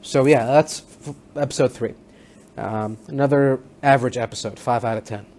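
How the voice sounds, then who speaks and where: A man giving a casual spoken review of a TV series, rambling with many fillers and restarts, sometimes acting out lines in quick voices. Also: mid-range voice, fairly even intonation, a little mellow. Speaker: show reviewer.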